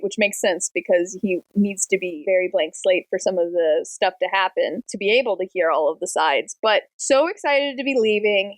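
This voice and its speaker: A woman hosts a book club podcast, retelling a novel's plot in an animated, chatty way. Her voice sits fairly high. The recording is dry and close, with no room sound. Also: no echo. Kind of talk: casual book discussion.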